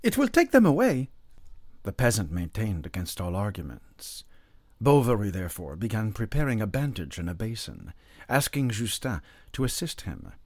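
Husky male audiobook narrator. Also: fairly low pitch, sing-song, normal speed, no room sound, clean studio sound. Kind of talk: scripted narration of a classic novel.

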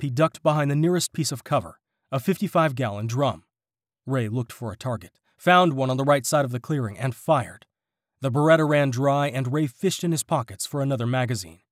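A man narrating an audiobook in a steady, expressive reading. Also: mid-range voice, dry recording, studio quality.

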